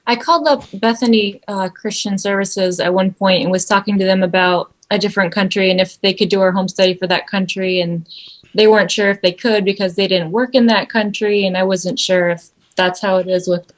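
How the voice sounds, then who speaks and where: A woman's voice: medium pitch, steady tone, a little fast, rough recording. Woman asking questions on a video call. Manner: asks questions plainly, with small laughs. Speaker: prospective adoptive parent asking questions. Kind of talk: casual video call conversation.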